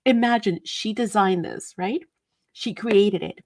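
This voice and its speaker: An animated woman hosts her craft channel from an indoor studio, chatting casually to viewers. She tells stories with giggles and bursts of laughter, in a mid-range voice. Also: medium pitch, measured pace.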